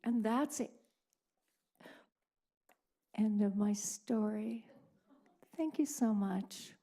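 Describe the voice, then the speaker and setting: A woman's voice: mid-range voice, very slow, mellow. A woman, an art teacher, giving a candid and sarcastic public comment at a school board meeting.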